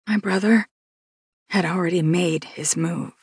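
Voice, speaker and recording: A woman's voice: on the low side, fairly even intonation, a little slow, slightly rough, dry recording, clean studio sound. A woman narrating a novel in the first person with a wry, confiding manner. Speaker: audiobook narrator.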